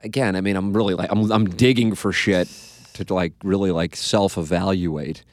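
A man's voice: deep voice, fairly even intonation, normal speed, no echo, studio quality. A man hosting a podcast in casual chat, rambling and profane, trailing off into asides. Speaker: podcast host.

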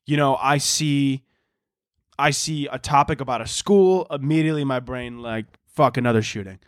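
A man's voice: mid-range voice, normal speed, clear, resonant tone, no echo, studio quality. A young man hosting a podcast, rambling through a profane, comedic monologue. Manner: profane, rambling, animated storytelling. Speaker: podcast host.

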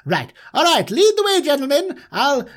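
A woman's voice: high-pitched, wildly swooping pitch, normal speed, pitched above the performer's own voice. A woman putting on a pompous spoiled young man. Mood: smug. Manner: haughty, lazy, self-important.

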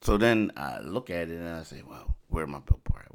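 A man with a very low voice talks casually on a podcast. He is animated and emphatic, often repeating phrases. He slides loosely between chat and sponsor reads. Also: moderate pace, vocal fry. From Philadelphia. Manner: animated, repetitive, emphatic asides. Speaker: podcast host.

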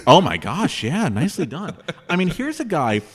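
A man chats about theater on a podcast. His voice swings widely and sits a little high. He jokes around, and the room adds a long reverb. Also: wildly swooping pitch, moderate pace, a bit bright, breathy edge. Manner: playful, breaks into mock announcer bits. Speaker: podcast co-host. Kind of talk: casual chat.

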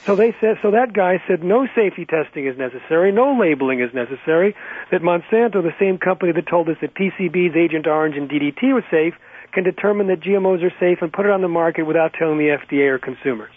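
A man talks as a guest on a radio interview, rapid and insistent, piling up facts. His voice sits a little high. The sound is tinny, like a phone line, and very dry. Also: animated, dry recording. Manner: rapid, insistent, fact-heavy. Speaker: guest activist.

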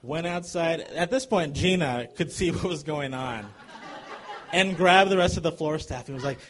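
A man telling a comic true story to a live audience, animated and chuckling as he goes. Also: a little high, moderate pace.

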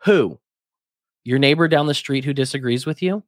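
A man's voice: mid-range voice, normal speed, no echo. Emphatic man on a dry podcast mic. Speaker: podcast co-host. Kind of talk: casual political chat.

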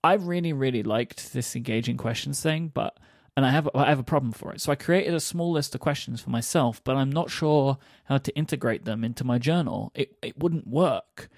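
A man's voice: mid-range voice, a little fast, hardly any pauses, no echo. A man with a mid-range voice talks through his thinking on a podcast. He sounds earnest and explanatory, often checking in with "right?" The sound is dry and close. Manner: earnest, explanatory, laughs easily. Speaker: podcast co-host. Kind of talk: casual book discussion.

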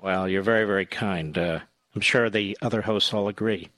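A man hosting a call-in radio talk show, combative and jokey, working himself up to loud outrage. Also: on the low side, lively intonation, measured pace, pauses often, no room sound. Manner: joking, self-mocking banter.

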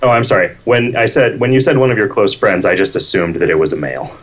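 Low-voiced man with dry wisecracks. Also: steady tone, quick pace, fairly bright tone. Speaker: podcast co-host. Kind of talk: casual chat.

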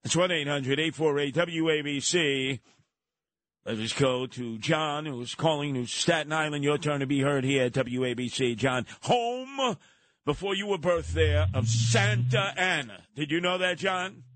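A man hosting a call-in radio talk show, jokey and theatrical, breaking into loud mock outrage. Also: a little high, measured pace, no room sound. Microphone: studio microphone.

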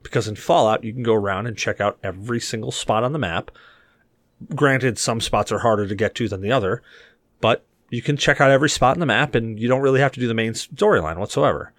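A man co-hosting a gaming podcast in casual chat, animated and joking. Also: no room sound, studio quality. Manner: animated, joking, quick swings in pitch. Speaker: podcast co-host.

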